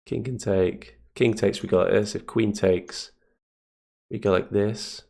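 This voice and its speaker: A man streaming chess and thinking aloud in a casual, hesitant way, with a deep, gravelly morning voice. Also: fairly even intonation, a little slow, darkish tone. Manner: thinks aloud, hesitant fillers, chuckles often. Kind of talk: casual live commentary on chess games.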